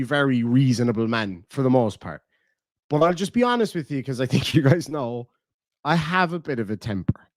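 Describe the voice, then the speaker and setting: A man's voice: fairly high pitch, dry recording, clean studio sound. A man with a southern Irish accent chatting casually on a livestream, blunt and profane. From Ireland. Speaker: streamer.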